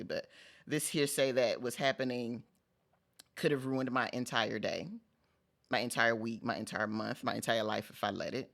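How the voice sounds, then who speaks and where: Creaky-voiced middle-aged male pep-talk host. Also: medium pitch, fairly bright tone. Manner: conversational, emphatic, repeats phrases for emphasis, casual slang. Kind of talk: motivational pep talk vlog.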